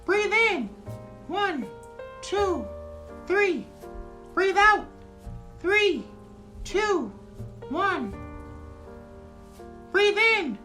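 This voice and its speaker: Slow, high-pitched woman leading a kids' mindful breathing moment, calm and soothing. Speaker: mindfulness guide. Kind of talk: guided breathing for children.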